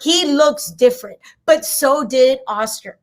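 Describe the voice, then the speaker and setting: Female combat-sports analyst, high pitch, animated and opinionated, casual podcast chat. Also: a little slow. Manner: animated, opinionated, drops in Spanish words. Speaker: MMA analyst guest.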